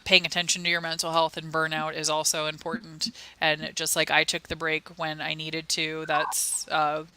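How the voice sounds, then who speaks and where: A woman's voice: sits low, bright, forceful tone. A woman co-hosting a casual advocacy livestream, talking earnestly and emotionally with many fillers and restarts.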